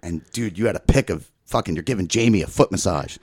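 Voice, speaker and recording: A man's voice: deep voice, fast talker, husky. A young adult man in casual crude chat, a profane, rambling storyteller who laughs often. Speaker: podcast guest, former mail carrier.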